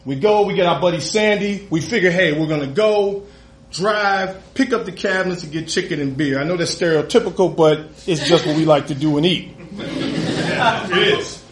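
A man doing stand-up, telling a story with lively delivery, laughing as he goes and acting out the other people in it. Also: sits high, normal speed, roomy sound, slight background noise. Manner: animated, laughs through his own story, acts out other voices. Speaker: comedian.

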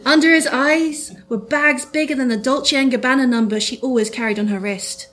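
A woman's voice: high voice, moderate pace, fairly bright tone, faint music behind. A woman reading her own comic detective story aloud to a live audience, with a dry delivery.

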